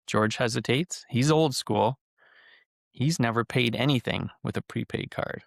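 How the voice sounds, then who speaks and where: A man's voice: mid-range voice, unhurried, gravelly, no echo, studio quality. A man hosting a podcast, talking casually with lots of ums and telling a cautionary story. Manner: relaxed, frequent ums and uhs, conversational. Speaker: podcast host.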